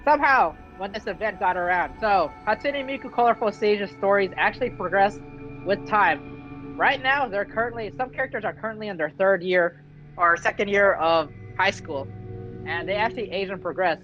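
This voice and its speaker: Vlogger, excitable and slangy, casual game recap, dull lo-fi mic, soft music under. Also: mid-range voice, moderate pace. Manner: excitable, slangy, acts out character quotes.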